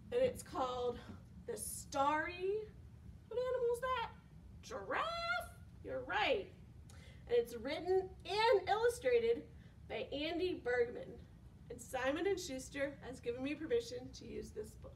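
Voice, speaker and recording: A woman's voice: high-pitched, a little slow, far from the mic, slight background noise. A young woman leading preschool storytime, singing action songs and reading a picture book aloud with gasps and questions for the children. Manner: animated, sing-song, with gasps and questions to children. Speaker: children's librarian.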